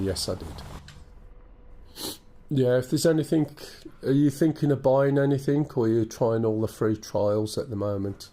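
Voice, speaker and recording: A man with a broad English accent talks through a live flight-sim stream with a stuffy, blocked nose from a cold. His voice sits low and warm, and he rambles along as he thinks aloud and greets his viewers. A faint hiss sits behind him. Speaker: game streamer.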